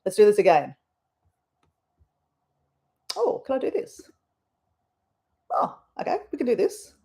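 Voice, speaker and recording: A woman's voice: mid-range voice, wildly swooping pitch, a little slow, vocal fry, warm tone. An Australian woman hosting a casual live stream, chatting in a rambling way with her viewers. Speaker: livestream host.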